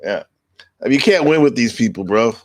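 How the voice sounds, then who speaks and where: A man's voice: medium pitch, lively intonation, brisk, no room sound. Laughing, chatty male podcast host. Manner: laughs often, loose and chatty with filler. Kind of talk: casual chat.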